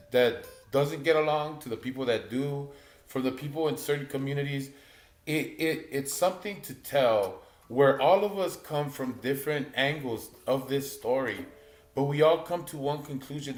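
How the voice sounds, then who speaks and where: A man's voice: medium pitch, roomy sound. A man hosting a livestream, talking casually, laughing and swearing a lot. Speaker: livestream host.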